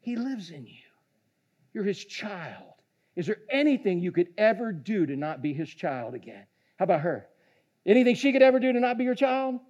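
A man preaching a sermon, animated, swinging from hushed lines to shouting and joking with the congregation. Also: high voice, normal speed, lo-fi sound. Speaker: pastor.

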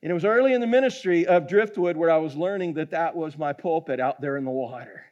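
High-voiced folksy preacher. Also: male voice, fast, a little mellow. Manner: folksy, humorous storytelling. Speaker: pastor. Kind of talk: sermon. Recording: dull lo-fi recording.

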